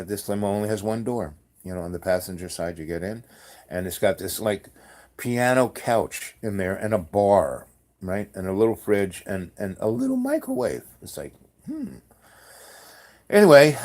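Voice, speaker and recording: A man with a fairly low voice tells a long, wandering story in a relaxed, chatty way. He keeps breaking into little acted-out quotes and exclamations as he goes. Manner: rambling, animated anecdote with quoted voices. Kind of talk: casual storytelling.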